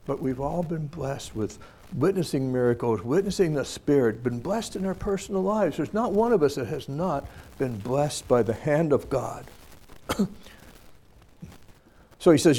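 A man's voice: a little high, expressive, measured pace, dark tone. A man teaching a scripture lesson, reading verses aloud and then talking them over in a plain, conversational way. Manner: many fillers and restarts.

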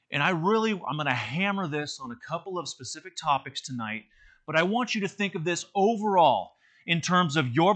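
A man's voice: fairly high pitch, bright, forceful tone. A man teaching an interactive church lesson in a conversational way, with many fillers and restarts.

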